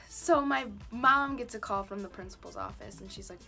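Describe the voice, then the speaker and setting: A woman's voice: high voice, normal speed, vocal fry, bright, forceful tone, soft background music. Chatty young woman telling a story. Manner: chatty, lots of "like" and "um". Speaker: vlogger. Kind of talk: casual storytime.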